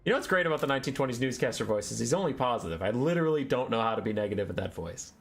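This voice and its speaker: A young man with an expressive, mid-range voice races through his words as host and caster of a game tournament stream. His casual live-stream chat is rambling and self-deprecating.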